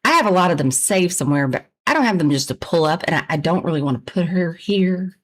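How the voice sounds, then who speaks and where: Chatty Southern woman, husky voice. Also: on the low side, animated, quick pace. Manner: laughs often while talking, chatty and frank. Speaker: livestream host. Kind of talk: casual livestream chat.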